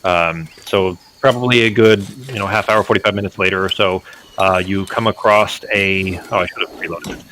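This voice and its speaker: A man's voice: deep voice, fairly even intonation, normal speed, sharp tone. A man running a tabletop game as game master, rambling with many fillers and restarts.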